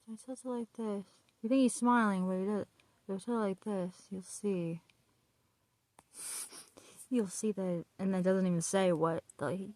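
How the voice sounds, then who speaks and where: A woman chatting casually about a book while getting ready, retelling it in a rambling, excited way with restarts. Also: mid-range voice, no echo. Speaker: vlogger.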